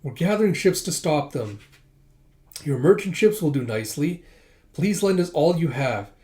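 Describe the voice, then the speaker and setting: A man's voice: fairly high pitch, expressive, normal speed, dark tone, natural voice. A man voicing a determined young noblewoman from a comic, speaking firmly and urgently as he reads it aloud. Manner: firm, blunt and urgent. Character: determined young noble girl rallying merchants.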